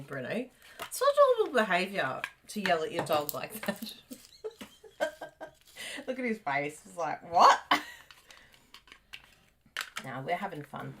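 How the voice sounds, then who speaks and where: Chatty playful woman, lively pitch. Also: noisy background. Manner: playful, chatty, laughs often. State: slight frog in throat. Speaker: craft demonstrator co-host. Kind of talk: casual live craft stream chat.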